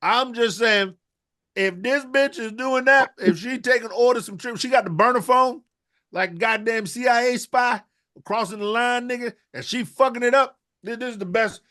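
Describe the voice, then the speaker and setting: A man's voice: very high voice, moderate pace, pushed and bright. A man co-hosting a wrestling podcast, ranting in a profane, rambling comic riff. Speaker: podcast co-host. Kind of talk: comedic rant.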